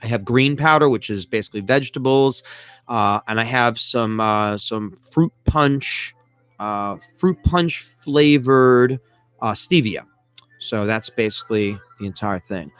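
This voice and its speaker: A man hosting a live podcast in a casual chat style, animated and self-mocking, and he keeps asking listeners for feedback. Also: mid-range voice, a little slow, smooth, no room sound. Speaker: podcast host.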